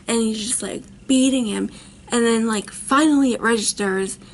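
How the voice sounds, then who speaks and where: A woman in her thirties rambles through a personal story for her vlog, using lots of filler words in this storytime monologue. Her voice is a little high and her pace is normal, with a slight hiss or hum in the recording.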